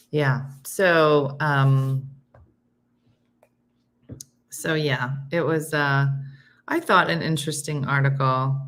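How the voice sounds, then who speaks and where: Chatty low-voiced woman host. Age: middle-aged. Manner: chatty, animated, reads comments aloud. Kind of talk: casual chat reading viewer comments.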